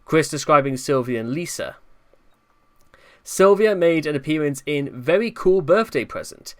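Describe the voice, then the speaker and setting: A man's voice: on the high side, animated, normal speed. Exasperated man narrating online commentary. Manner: exasperated, rambling with restarts. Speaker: commentary channel host. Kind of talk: commentary narration reading notes.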